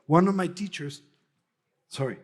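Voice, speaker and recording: Husky male Buddhist teacher, anecdotal dharma talk, frequent "no?" tags. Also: on the high side, measured pace. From Mexico. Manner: anecdotal, tags phrases with a questioning "no?".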